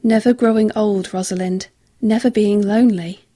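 A woman voicing a smooth, possessive man who insistently coaxes a young woman to stay with him. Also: medium pitch, normal speed, lightly acted. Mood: coaxing. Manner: calm, coaxing, insistent. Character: smooth possessive rich man, unsettling suitor.

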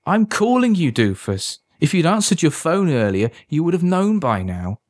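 A man's voice: a little high, sing-song, moderate pace, pitched above the performer's own voice. A man voicing a concerned teenage girl talking on the phone with a teasing manner. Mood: worried.

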